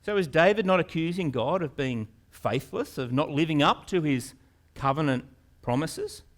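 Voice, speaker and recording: A male pastor preaching a sermon in an earnest manner, repeating words and rising into loud, pleading questions. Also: a little high, lively intonation, moderate pace.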